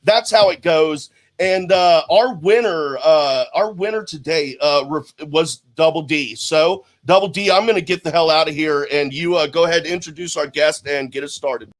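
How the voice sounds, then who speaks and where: A man's voice: a little high, normal speed, hardly any pauses. A man hosting a casual live-stream panel show over a video call, explaining things in a rambling way with many filler uhs. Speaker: show host.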